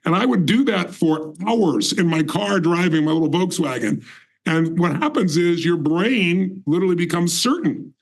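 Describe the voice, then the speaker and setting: A man's voice: high voice, lively intonation, moderate pace, vocal fry, rough recording. A man in his sixties telling his life story in an emphatic, intense way as a guest in a conversation. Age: 60s.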